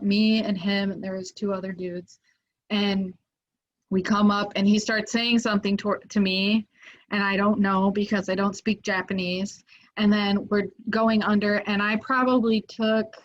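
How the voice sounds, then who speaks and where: A young woman telling a story as a podcast guest in a casual, animated way, full of filler words. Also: mid-range voice. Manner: animated, many "like" fillers, acts out quoted voices. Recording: muffled lo-fi audio.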